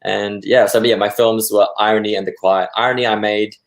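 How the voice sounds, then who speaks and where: A young man from Australia speaks in a very low voice. He answers modestly and haltingly, with frequent fillers, as a guest on a video call. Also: level tone, vocal fry. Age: young adult. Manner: modest, hesitant, many fillers. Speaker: filmmaker guest. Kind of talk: casual interview answers.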